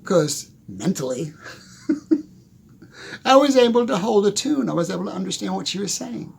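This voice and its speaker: A man in his sixties giving a casual motivational talk, telling stories in an animated way and chuckling often. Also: high voice, moderate pace, gravelly, slightly rough. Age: 60s. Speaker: motivational speaker.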